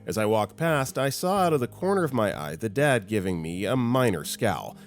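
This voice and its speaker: A man narrating stories in an expressive, scripted delivery. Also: on the low side, moderate pace. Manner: expressive storytelling. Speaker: story narrator. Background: faint guitar music.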